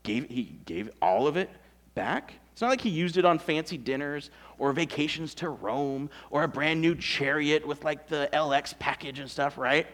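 A man preaching a sermon in a conversational, animated storytelling way, full of asides. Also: a little high, normal speed. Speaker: pastor.

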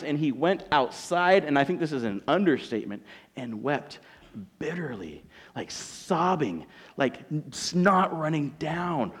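Animated man preaching a sermon. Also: fairly high pitch, slightly rough. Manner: animated storytelling, acting out voices. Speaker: pastor.

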